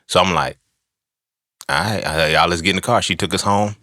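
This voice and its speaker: A man's voice: low voice, a little fast, no echo, clean studio sound. A young man telling a personal story in a casual, profane monologue, acting out what people said. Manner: animated, profane storytelling with acted-out quotes. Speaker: podcast host.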